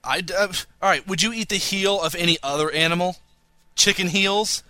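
A man with a bright, lively edge and a somewhat high voice, co-hosting a casual podcast. He reads listener mail with playful jokes and frequent laughs. The sound is dry and close. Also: brisk, no room sound. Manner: playful, laughs often, jokey asides. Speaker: podcast co-host.

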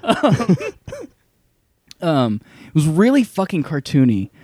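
A man co-hosting a podcast in casual chat, animated and profane, often laughing as he retells scenes. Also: on the high side, slow, husky, no echo, clean studio sound. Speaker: podcast co-host.

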